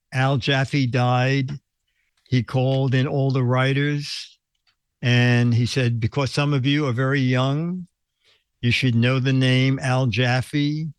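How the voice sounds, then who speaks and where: A man's voice: medium pitch, dry recording. A man hosting a casual live-stream show, telling stories in a rambling way, chuckling often and restarting his sentences. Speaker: show host.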